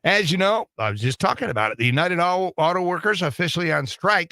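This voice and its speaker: Older guy radio host cracking jokes, bright voice, dry studio sound. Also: high voice, expressive, fast, creaky, hardly any pauses, no echo. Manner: wisecracking, jokey delivery. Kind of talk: morning radio comedy chat.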